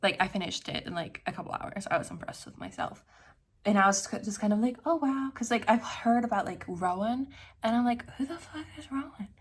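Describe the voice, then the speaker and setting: A woman's voice: mid-range voice, animated, brisk. A woman in her twenties chatting casually in a vlog, rambling and filling her talk with "like". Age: 20s. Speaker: vlogger.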